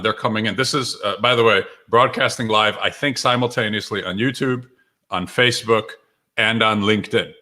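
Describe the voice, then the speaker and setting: A man hosting a live stream for his book launch, talking to viewers in an energetic, upbeat way with lots of fillers and restarts and reading out their comments. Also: medium pitch. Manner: reads out viewer comments and greets them by name. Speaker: author and livestream host. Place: home or office with books behind him.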